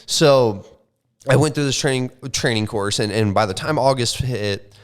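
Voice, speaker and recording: A young man on a podcast, telling a casual, animated story full of swearing and slang. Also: mid-range voice, normal speed, clean tone. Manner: animated, swears often, says like and bro. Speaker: podcast co-host.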